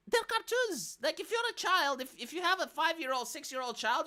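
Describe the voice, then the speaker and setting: A woman with a Romanian accent, ranting in casual, profane commentary on a live stream. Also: high voice. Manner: profane, exasperated, animated.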